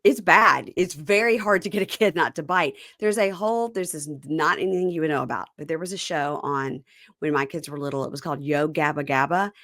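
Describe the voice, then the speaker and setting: A middle-aged woman hosting a casual chat that recaps a reality show, talking fast and acting out the cast's lines in quick voices. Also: low voice, fairly bright tone, no echo, clean studio sound. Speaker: podcast host.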